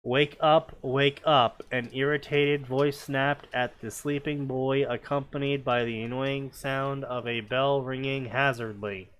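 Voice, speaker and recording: A man's voice: medium pitch, level tone, measured pace, hardly any pauses, a bit bright, clear, resonant tone. A man reading fanfiction aloud and breaking off into sarcastic, nitpicking commentary, often stammering as he restarts his sentences.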